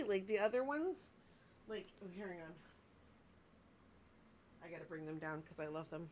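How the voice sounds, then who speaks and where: Excitable woman vlogger in her thirties, gushing, rambling casual talk to her viewers. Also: medium pitch, moderate pace, long pauses. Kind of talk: casual unboxing chat.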